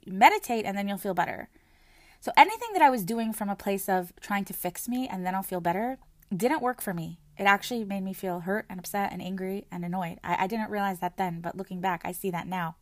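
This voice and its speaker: A woman speaks in an earnest, soft-spoken way, reflecting on her own experience. Her sentences often double back as she repeats words and restarts phrases. Her voice sits at a middling pitch, and the recording is dry and close. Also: a little fast, no echo. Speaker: mother sharing her personal experience. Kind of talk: reflective personal talk.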